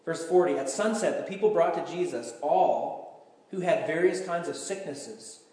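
A man's voice: a little high, normal speed. A man, a pastor giving a conversational, emphatic sermon in a large hall. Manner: conversational, emphatic, animated storytelling. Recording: echoey hall sound.

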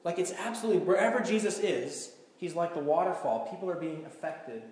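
Pastor preaching in an echoey hall. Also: male voice, a little high, brisk. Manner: conversational, emphatic, animated storytelling. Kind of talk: sermon.

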